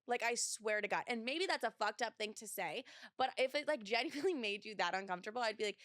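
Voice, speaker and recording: A woman's voice: fairly high pitch, fast, fairly bright tone, no room sound, studio quality. Blunt young woman podcast host. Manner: blunt, swears freely, many fillers. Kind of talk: casual advice podcast.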